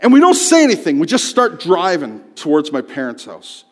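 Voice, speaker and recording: A man telling a personal story in a sermon, swinging from loud outbursts to hushed tones. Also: on the high side, huge pitch swings, moderate pace. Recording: long hall reverb.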